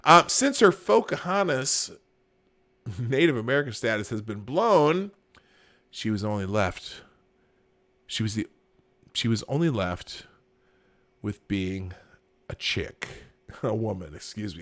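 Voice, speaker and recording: A man's voice: lowish voice, big pitch swings, unhurried, pauses often. A man hosting a live political talk show, reading headlines and tweets aloud with sarcastic asides and laughter. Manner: sarcastic, laughing, jumps between mumbling and loud mock outrage. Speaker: podcast host. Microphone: camera and desk mic, live stream.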